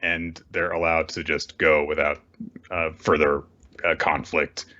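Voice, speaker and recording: A man's voice: extremely low pitch, level tone, measured pace, pushed and bright, muffled recording. A man hosting a casual recap show, talking animatedly with bursts of swearing and voiced character lines. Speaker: podcast host. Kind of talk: casual manga recap chat.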